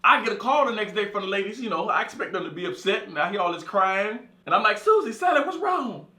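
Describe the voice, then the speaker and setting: This is a high-voiced man talking at a quick pace in an echoey room, a comedian from California. Animated and foul-mouthed, he tells a funny story solo, acting out everyone in it.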